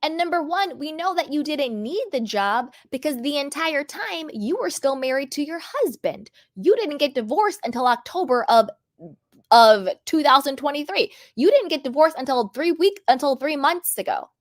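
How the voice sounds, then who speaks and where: A sassy woman runs her reality TV commentary vlog, scolding and animated as she talks. Her voice sits a little high, and the sound is dry and close, with no room echo. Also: normal speed. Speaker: commentary host.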